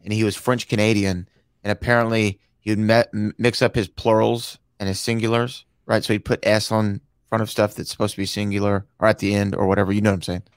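A man's voice: fairly low pitch, little pitch movement, quick pace, dry recording, studio quality. A man co-hosting a podcast in casual chat, joking and telling playful stories. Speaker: podcast co-host.

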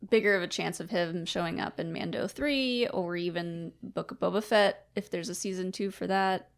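A woman with a gravelly voice co-hosts a casual fan podcast. She reads out listener questions and answers in a relaxed, easygoing way. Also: on the low side, normal speed.

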